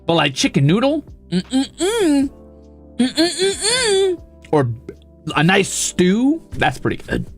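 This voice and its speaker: A young man streaming casually, reading viewer comments aloud and ranting with lots of swearing, flipping between outrage and mock calm. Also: high voice, moderate pace, gravelly, slightly rough, faint music behind. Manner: profane, excitable ranting that swings to mock calm.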